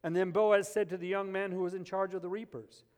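A man preaching a sermon as pastor, telling stories with animated humor. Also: high-pitched, a little fast. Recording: long reverb of a large hall.

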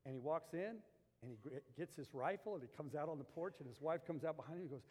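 A man's voice: on the high side, quick pace, darkish tone. Male pastor preaching in a reverberant church. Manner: folksy, storytelling with homey asides. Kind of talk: sermon.

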